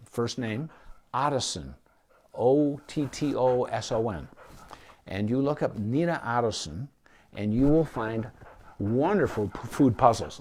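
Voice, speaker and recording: A man's voice: mid-range voice, darkish tone, slight background noise. A middle-aged man, a veterinarian, explaining dog training in a folksy, casual way and often checking in with "okay?". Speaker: veterinarian giving dog behavior advice. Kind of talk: casual instructional talk to camera.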